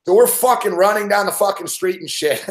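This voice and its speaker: A man with a fairly high voice spins a rowdy story in casual conversation, cursing freely and laughing between beats. His voice carries a noticeable echo, as if he is in a roomy space. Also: normal speed. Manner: profane, animated storyteller who laughs often. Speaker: show host.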